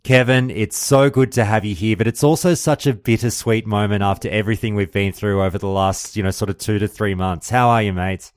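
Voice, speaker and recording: A chummy, effusive man hosts a podcast call with a lowish voice that sounds dry and close. He gushes over his guests and calls them mate. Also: fairly even intonation, fairly quick, hardly any pauses, no room sound. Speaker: podcast host. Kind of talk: casual call-in chat. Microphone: call recording.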